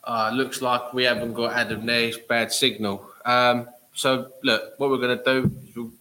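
A man hosts a casual podcast in a bright, tense voice. His manner is chatty and upbeat as he introduces guests and clips. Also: mid-range voice, level tone, moderate pace, rough recording. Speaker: podcast host.

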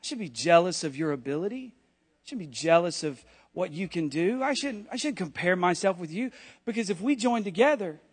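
A man preaching a sermon in church, animated and jokey, with quick asides to the congregation. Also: high voice, breathy edge. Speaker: pastor.

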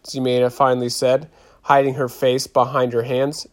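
A man narrating a children's story in a steady reading voice. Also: mid-range voice, normal speed. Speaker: audiobook narrator.

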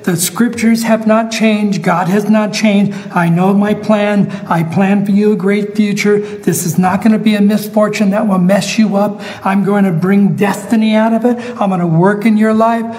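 A man's voice: high voice, steady tone, normal speed, few pauses, darkish tone, big-room sound, rough recording. A male pastor delivering a sermon, emphatic, repeating phrases and asking the listeners questions.

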